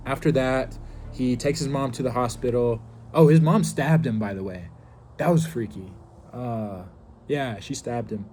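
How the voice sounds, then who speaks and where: A man's voice: medium pitch, a little mellow. A man casually recapping a TV episode, rambling loosely with many fillers. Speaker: TV show reviewer.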